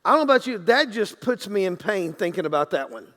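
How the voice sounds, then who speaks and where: A man's voice: high-pitched, sing-song, fast talker, a bit bright, big-room sound. A man preaching a sermon as pastor in a church sanctuary, talking in a loose, conversational way with many restarts and acted-out quotes.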